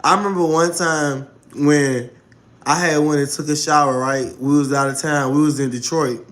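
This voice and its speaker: A young man streaming live, telling a story in an animated way and calling out to his audience, with laughs and exclamations. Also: on the high side, normal speed. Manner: excitable, keeps calling out to the audience.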